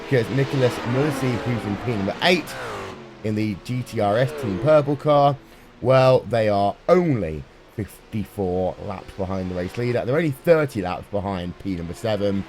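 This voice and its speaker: A man calling a sim race live, brisk and playful, with dry jokes. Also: on the low side, animated, a little mellow. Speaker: sim racing commentator. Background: music playing underneath.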